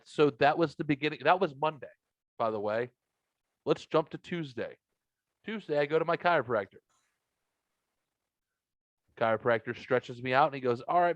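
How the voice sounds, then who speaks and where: This podcast host has a medium-pitched male voice, captured dry and lo-fi. Chatting casually from a basement room at home, he rambles through a profane story and plays every part in the dialogue himself.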